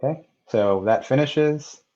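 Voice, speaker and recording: A man narrating a technical software walkthrough step by step, in a plain manner with occasional fillers. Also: medium pitch, measured pace, lo-fi sound. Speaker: software tutorial presenter. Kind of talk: screen-recorded technical walkthrough.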